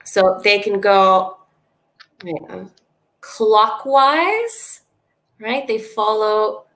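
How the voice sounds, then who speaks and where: A woman's voice: medium pitch, very slow, fairly bright tone. A woman from Canada with a Canadian accent, co-hosting a live online English lesson, easygoing and laughing often as she thinks aloud. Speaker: English teacher co-hosting a livestream.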